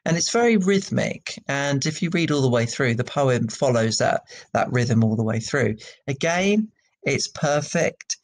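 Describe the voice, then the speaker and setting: A man's voice: medium pitch, lively intonation, measured pace. A male teacher talking through a poetry lesson in a conversational way, with many ums and restarts. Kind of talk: recorded classroom lesson.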